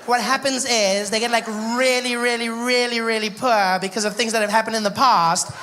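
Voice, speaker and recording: A woman's voice: on the high side, fairly even intonation, normal speed, noisy background. A woman performing stand-up comedy, building each joke to a punchline. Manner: setting up a joke with a punchline turn.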